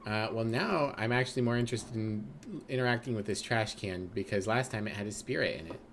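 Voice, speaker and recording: A man's voice: lowish voice, brisk, fairly bright tone, slight background noise. A man streaming a video game, reading its text aloud and slipping into character voices with playful asides.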